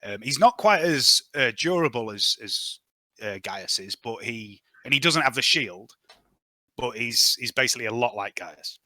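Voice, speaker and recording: A man serving as game master for a tabletop session, his voice bright and forceful. He talks in a halting, thinking-aloud way, full of ums and uhs. The sound is close and dry, with no room echo. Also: mid-range voice, expressive. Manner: thinking aloud, hesitant with fillers. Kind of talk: running a tabletop role-playing game.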